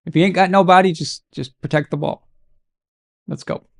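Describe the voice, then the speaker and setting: A man running a live watch-along of a game, with a slightly higher voice than most. He chats loosely with his viewers. He moves between play-by-play reactions and easygoing personal stories. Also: fairly even intonation, moderate pace, creaky. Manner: casual, encouraging, chatty. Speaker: watch-along stream host.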